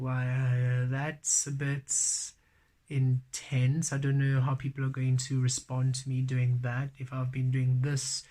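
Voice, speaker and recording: A man's voice: medium pitch, a little mellow. A man giving an earnest weekly tarot reading, stern and repetitive as he passes on spiritual advice. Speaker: tarot reader.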